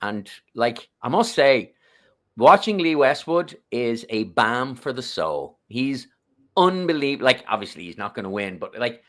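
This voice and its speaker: A man's voice: medium pitch, very animated, measured pace, a bit bright. A man with a mid-range voice chatting on a golf podcast panel. He rambles through stories, stopping to check names and correct himself. His delivery is loose, casual and anecdotal.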